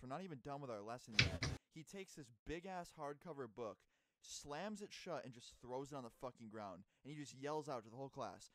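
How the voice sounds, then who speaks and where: A young man in casual vlog storytelling, animated and profane, with sudden loud outbursts while telling a school story. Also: mid-range voice, very noisy. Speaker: YouTuber. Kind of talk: casual storytime over gameplay.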